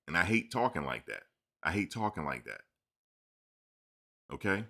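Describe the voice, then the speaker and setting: A man hosting a casual live-stream sports talk show, teasing and answering his chat in an animated way. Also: low voice, normal speed, pauses often.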